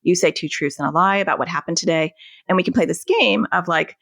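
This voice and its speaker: Woman therapist guest, low voice with a gravelly edge, explains patiently through family examples, dry close sound. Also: fast, fairly bright tone, no room sound. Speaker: anxiety and OCD therapist, guest. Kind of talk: podcast interview, explaining.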